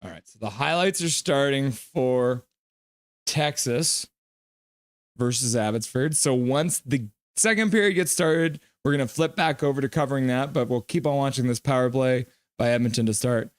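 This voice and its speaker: A man hosting a live hockey reaction stream, calling plays and reading out chat messages with excitement. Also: medium pitch, moderate pace, no echo, studio quality. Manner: excitable, chatty, reads chat aloud.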